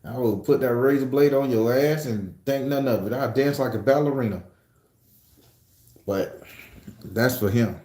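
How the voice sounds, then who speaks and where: A man chats on a livestream from a room at home, swearing freely and joking as he reads out viewer comments. His voice is mellow and warm, and the room adds a noticeable echo. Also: medium pitch, normal speed, pauses often. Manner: loose, profane, joking storytelling. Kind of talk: casual livestream chat.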